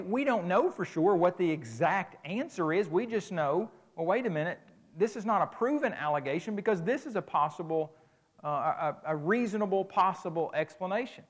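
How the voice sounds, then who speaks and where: A middle-aged man preaching a conversational, emphatic sermon lecture, often restarting his phrases. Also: sits high.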